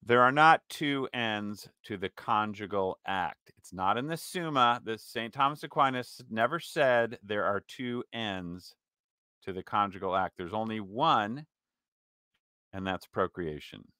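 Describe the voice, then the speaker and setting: A man commenting on a recorded lecture, pausing it to argue and rebut point by point. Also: lowish voice, pushed and bright, clean tone, no room sound, studio quality. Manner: argumentative, interjecting, pausing and rebutting. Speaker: commentator reacting to a clip. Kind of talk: casual commentary.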